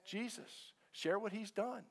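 A man's voice: fairly high pitch, normal speed, fairly bright tone. A middle-aged male pastor preaching a sermon in a conversational way, repeating short phrases and asking the congregation questions. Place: church sanctuary with a congregation.

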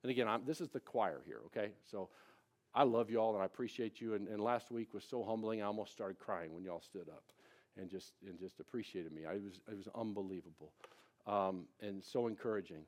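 A male pastor, his voice on the low side and a little fast, gives a live sermon before his church congregation. He shifts from emphatic, loud preaching to soft, confiding asides, often repeating words and starting over.

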